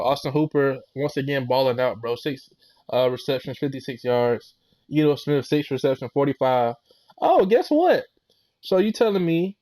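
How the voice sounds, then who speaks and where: A man's voice: medium pitch, a little mellow. A young man ranting a football recap, heated and exasperated, full of slang and mocking quotes. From Florida. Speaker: sports vlogger.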